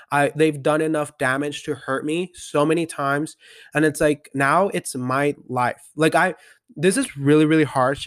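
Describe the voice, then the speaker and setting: A man's voice: a little high, no room sound, clean studio sound. A nineteen-year-old man speaking candidly in a personal confessional monologue, full of fillers and blunt statements. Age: young adult. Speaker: podcast host.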